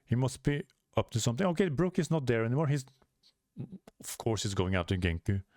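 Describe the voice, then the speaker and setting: A man hosts a casual reaction session, reading comic pages aloud and thinking out loud as he goes. He pauses on fillers and corrects himself often. His voice sits in a middle pitch and sounds dry and close to the mic. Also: very animated, no room sound. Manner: hesitant, many fillers and self-corrections. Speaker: manga reaction host.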